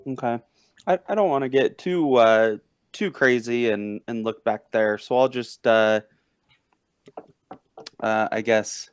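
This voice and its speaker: A man's voice: medium pitch, slow pace, pauses often, clean tone, no room sound. A man playing a tabletop game, speaking hesitantly and stammering as he describes his actions. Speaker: player.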